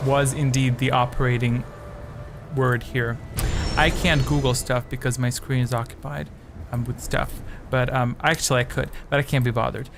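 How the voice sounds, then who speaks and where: A man's voice: mid-range voice, gravelly, background noise. A man hosting a live-stream quiz game, rambling chattily between questions with jokey asides. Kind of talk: casual live-stream chat.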